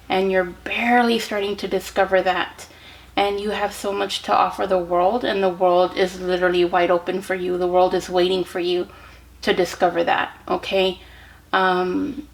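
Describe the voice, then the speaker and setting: A woman reading tarot cards for her viewers in a soft, encouraging way. Her voice sits in a middle register, and she often stops to restart a phrase or to check in with a quick "okay?". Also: medium pitch, low-quality recording. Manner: gentle and encouraging, many ums and restarts; speaks directly to the viewer with frequent "okay?". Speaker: tarot card reader. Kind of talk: pick-a-card tarot reading to camera.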